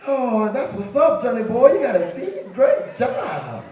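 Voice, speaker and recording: A Nigerian-accented man playing an easygoing, relaxed American dad. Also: very high-pitched, unhurried, pitched above the performer's own voice, exaggerated voice. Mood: laid-back. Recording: very echoey hall from far off.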